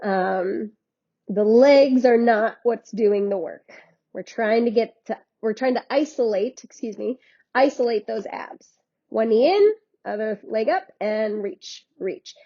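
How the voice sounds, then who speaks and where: A woman's voice: fairly high pitch, slow, dark tone, lo-fi sound. A woman fitness instructor guiding a workout in a chatty, encouraging way, laughing often.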